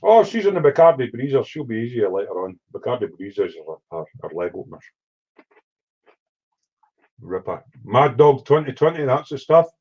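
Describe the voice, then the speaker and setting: A man's voice: mid-range voice, sing-song, normal speed, muffled recording. A middle-aged man from Edinburgh with a Scottish accent, chatting casually and reading out chat on a live stream. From Scotland. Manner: swearing, rambling storyteller reading chat aloud.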